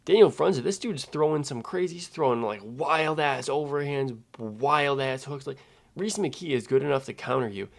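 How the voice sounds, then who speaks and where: A man's voice: mid-range voice, moderate pace, vocal fry. A man casually breaking down fights and making picks, profane and ranting, getting worked up as he argues. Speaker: MMA betting analyst.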